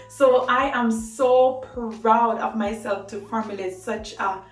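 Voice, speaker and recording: A woman's voice: on the high side, fairly even intonation, slow, hardly any pauses. A woman talking to camera about hair care, chatty and enthusiastic, often laughing. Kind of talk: casual talk to camera. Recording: roomy echo, mic at a distance, faint music.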